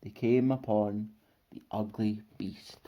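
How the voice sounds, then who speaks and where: A man reading a children's storybook aloud with expressive, lively narration. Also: on the low side, slow pace, lo-fi sound.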